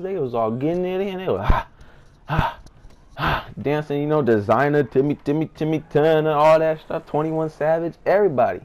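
A young man with a slightly high, darkish voice, its highs cut off, tells a comic story-time tale at normal speed. Slangy and rambling, he fills his vlog with fillers and hyped outbursts, voicing his friends when quoting them.

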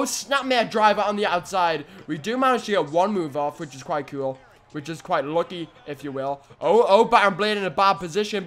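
A man giving excitable let's-play commentary over a wrestling video game, swinging between groans and shouts and repeating his lines. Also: sits high. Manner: swears casually and repeats phrases. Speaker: gaming video host.

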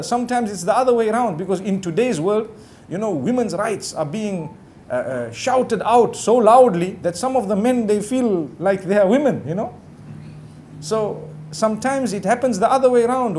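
A man's voice: high-pitched, a little mellow, a little hiss or hum. A middle-aged man giving a sermon-style lecture, talking casually with many "you know" asides. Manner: acts out the quoted lines of others. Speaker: Islamic preacher. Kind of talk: lecture to a live audience.

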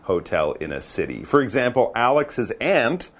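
A man co-hosting an English lesson, explaining vocabulary in a lively, playful way with wide swings in pitch. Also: moderate pace, husky. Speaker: English teacher co-host.

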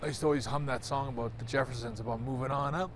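A man's voice: medium pitch, steady tone, rapid-fire, a little hiss or hum. A man in his sixties from Canada telling childhood stories in a rambling, reminiscing way with many restarts, standing outdoors. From Calgary, Canada. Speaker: guest giving a tour. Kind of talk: casual storytelling.

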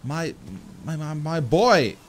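Excitable, very animated gaming host man. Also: fairly high pitch, a little slow, a little hiss or hum. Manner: excitable, chatters to the game creature, swears casually. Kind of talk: let's play commentary.

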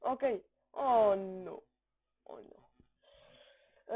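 Excitable high-voiced woman gaming, lo-fi. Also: slow. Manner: excitable, shouting and swearing, making boom sound effects. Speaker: gameplay commentator. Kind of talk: live game commentary. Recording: dull lo-fi recording.

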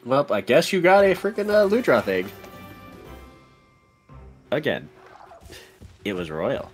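A man's voice: medium pitch, huge pitch swings, takes it slowly, soft background music. A man co-hosting a casual game let's-play, rambling and laughing often. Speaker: gameplay co-host.

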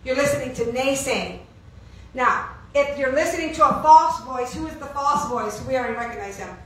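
A woman's voice: high-pitched, moderate pace, fairly bright tone. A woman preaching an informal sermon, asking the congregation questions and answering them with emphasis. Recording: echoey room, heard from far off.

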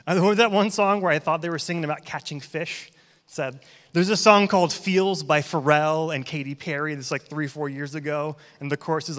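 In a church hall with a long reverb, a pastor in his thirties preaches by telling stories in a joking, conversational style. His voice is on the high side and a bit bright, with fairly even intonation and a slightly fast pace.

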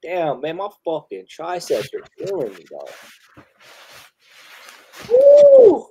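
A man hosting a live music review stream, loud and loose with heavy slang and plenty of swearing. His voice sits a bit high for a man, and he laughs often as he chats. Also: very animated, normal speed, slightly rough, lo-fi sound. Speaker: host reviewing submitted music. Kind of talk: casual live-stream chat.

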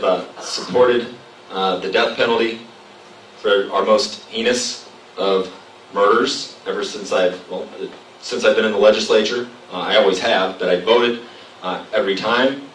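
Low-voiced halting man at a debate. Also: fairly bright tone. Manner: halting, lots of fillers. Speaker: state senator, debate candidate. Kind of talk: campaign debate answers. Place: public hall. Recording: echoey room from far off, faint noise.

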